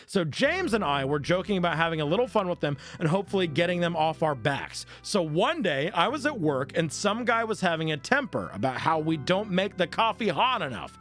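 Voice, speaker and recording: A man hosting a stream, reading online posts aloud and reacting with profanity and laughter. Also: high voice. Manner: profane, animated, laughs a lot. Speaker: streamer host.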